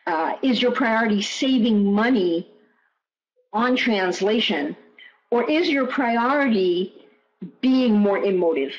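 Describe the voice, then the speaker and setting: A guest presenter in a webinar answers questions emphatically, repeating key phrases. Her fairly high voice is expressive and slow, heard through muffled online audio.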